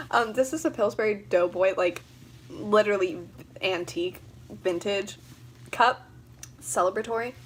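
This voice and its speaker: A woman's voice: medium pitch, unhurried, long pauses, slightly rough. A young woman chatting casually on a livestream, rambling with lots of fillers and frequent giggles. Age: young adult. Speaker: vlogger.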